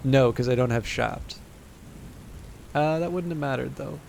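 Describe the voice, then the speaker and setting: A man's voice: mid-range voice, a little slow, vocal fry, darkish tone, slight background noise. A man commentating a game late at night, thinking aloud with hesitant restarts and reading game text, a little tired. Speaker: gameplay commentator.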